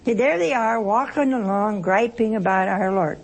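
A woman's voice: mid-range voice, normal speed, slightly rough. A woman teaching a Bible study to a group, talking conversationally and expressively with rhetorical questions and playful asides.

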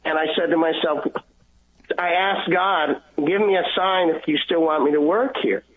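A man speaks over a thin, tinny phone line, his voice sitting a little high. He tells his story earnestly, stumbling over restarts and acting out the lines of others. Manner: earnest, halting storyteller who acts out dialogue. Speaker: guest caller. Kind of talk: telling a personal faith story.

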